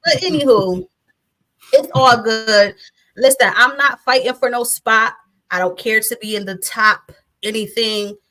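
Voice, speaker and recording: Blunt, bright-voiced woman in a casual interview. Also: on the high side, measured pace. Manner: blunt and profane, laughing often. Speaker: interview guest.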